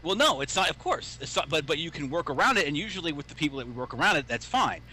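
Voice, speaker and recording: A man talks fast in a bright, forceful voice, bluntly lecturing a friend and swearing often. There is a faint hiss of noise behind him. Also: a little high, sing-song. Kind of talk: heated casual chat.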